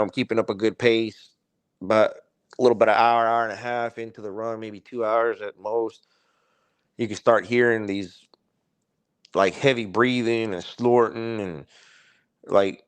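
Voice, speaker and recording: A man's voice: fairly low pitch, dry recording. A man guest on a podcast, telling a story in a casual, rambling way, full of swearing and "like". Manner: rambling, profane, heavy use of "like".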